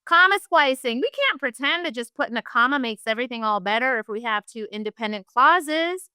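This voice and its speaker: A woman's voice: high voice, lively intonation, brisk, bright, forceful tone, smooth, no room sound, clean studio sound. A woman teacher, leading a virtual class in an upbeat, encouraging way and saying "y'all".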